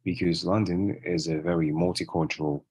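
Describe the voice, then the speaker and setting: A man's voice: sits low, moderate pace, slightly rough, dry recording. A man from Africa, a guest answering interview questions casually, often tagging his sentences with a question. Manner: relaxed, often ends phrases with a tag question.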